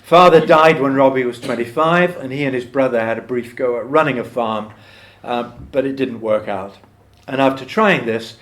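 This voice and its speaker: A man speaking at a folk club, explaining a poet's life with dry, joking asides and reciting a poem aloud. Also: mid-range voice. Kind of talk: talk with poetry recitation to a live audience.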